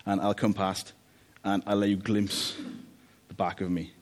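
A man voicing God speaking to Moses in a soft, low, measured way during a sermon. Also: flat delivery, natural voice. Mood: gentle warning.

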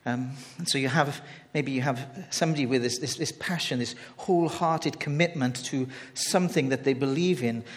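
A man preaching a sermon in a conversational, halting way, often restarting his phrases as he talks to the congregation. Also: mid-range voice. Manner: conversational, halting with many repeated starts. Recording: long reverb from a large hall.

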